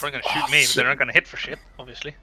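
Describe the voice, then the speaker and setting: A man's voice: medium pitch, little pitch movement, racing, crowd noise. A man playing in a casual tabletop game, boisterous, swearing freely and laughing. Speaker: player.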